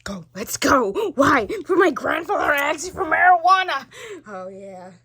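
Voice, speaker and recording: A woman's voice: sits high, sing-song, unhurried, sharp tone, dry recording, studio quality. A woman telling a homemade family role-play, switching between character voices for each family member. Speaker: storyteller voicing all characters.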